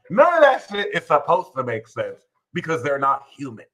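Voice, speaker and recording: A man hosting an astrology show, ranting casually and animatedly, swearing and jumping into high mocking voices when quoting others. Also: sing-song, normal speed, a bit bright, low-quality recording. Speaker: astrology channel host. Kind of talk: casual livestream rant.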